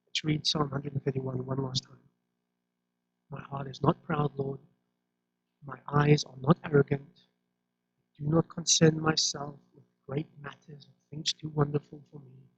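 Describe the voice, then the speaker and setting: A man delivers a sermon in an easy, conversational way, often circling back over his words. His voice sits a little high and has a gravelly edge. The recording is dull and lo-fi. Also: level tone, normal speed. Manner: conversational, repeats words when restarting. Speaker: preacher.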